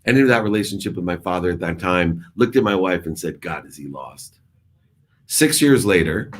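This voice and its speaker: A middle-aged man telling a personal story with emphasis, swinging from loud bursts to hushed asides and acting out the exchanges he quotes. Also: sits low. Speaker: speaker telling his life story.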